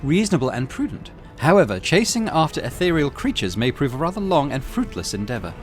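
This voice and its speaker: Cold, commanding noblewoman captain, high and dry, read aloud by a male narrator. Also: big pitch swings, brisk, soft background music. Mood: imperious. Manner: haughty, imperious.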